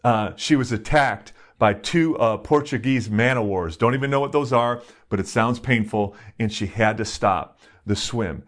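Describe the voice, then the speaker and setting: A man preaching a sermon in a conversational, emphatic way, telling stories with sudden jumps in pitch. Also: moderate pace. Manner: animated, emphatic storytelling with sudden rises in pitch; conversational, with fillers and restarts. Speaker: pastor.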